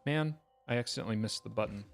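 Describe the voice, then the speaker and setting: A man streaming a video game, talking quietly to himself as he works through puzzles in casual commentary. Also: on the low side, fast, creaky, soft background music. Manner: quiet, muttering to himself while solving puzzles.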